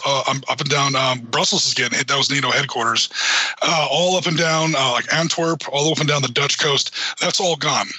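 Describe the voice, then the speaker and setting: A man with a very bright, slightly husky voice talks through military history in an easygoing, rambling way, full of fillers and restarts. The sound is dry and close, with no room around it. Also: on the high side, no room sound, poor audio. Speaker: podcast co-host. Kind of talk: casual wargaming chat.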